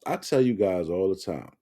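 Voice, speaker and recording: A man's voice: low-pitched, animated, unhurried, mellow. A man giving blunt, profane commentary to camera, rambling with restarts.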